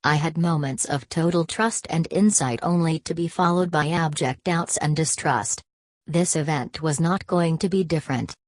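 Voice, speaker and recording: A woman reading a first-person story aloud in an even, measured way. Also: low voice, no room sound. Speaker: audiobook reader. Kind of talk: first-person audiobook narration.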